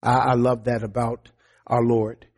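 A man preaching a sermon as pastor, emphatic, often repeating words and dropping to quiet low lines. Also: flat delivery, measured pace.

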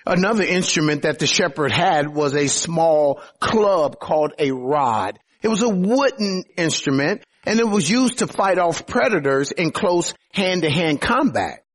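A pastor preaching with a husky voice that sits a little high for a man. He talks conversationally and with emphasis, swinging between loud, pressing lines and soft, hushed ones. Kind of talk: sermon.

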